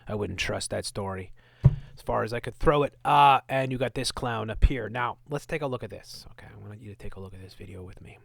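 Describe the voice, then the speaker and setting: A man's voice: lowish voice, a little fast, vocal fry, no room sound. A man hosting his own channel, giving sarcastic, scornful commentary on news clips. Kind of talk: ranting video commentary.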